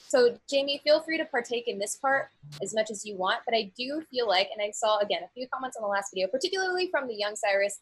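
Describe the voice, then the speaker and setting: A woman's voice: mid-range voice, a bit bright, no room sound, rough recording. A young woman running a tabletop game, recapping the story in a chatty way with frequent ums. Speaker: game master.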